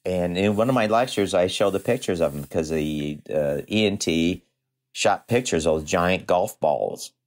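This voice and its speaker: An older man, a dentist guest on a podcast interview, telling patient stories in an animated way and jumping high in pitch when he acts out what people said. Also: moderate pace.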